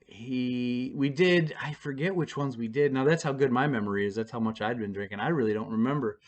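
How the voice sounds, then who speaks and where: A man casually telling a personal story to camera, rambling and self-deprecating with halting restarts. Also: medium pitch.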